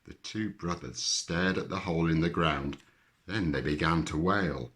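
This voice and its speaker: A man reading a children's story aloud with lively, expressive narration. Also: low voice, unhurried.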